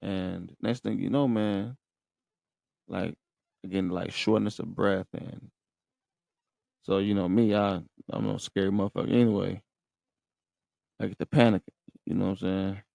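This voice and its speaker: Gravelly low-voiced man telling a story. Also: steady tone, measured pace, long pauses, warm tone, no echo. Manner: slangy and profane, keeps checking in with listeners. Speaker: podcast host. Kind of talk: casual storytelling to listeners. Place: room in a rehab center.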